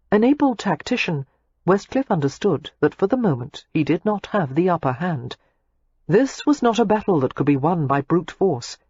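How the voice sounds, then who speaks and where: Husky woman narrating an audiobook. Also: sits low, dark tone, dry recording. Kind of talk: scripted narration. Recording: dull lo-fi audio.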